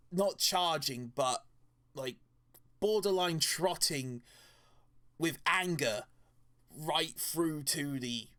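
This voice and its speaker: A man narrating a tabletop role-playing game as dungeon master, in a loose, rambling way. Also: bright, forceful tone. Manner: loose, rambling narration with sudden pitch jumps into character voices.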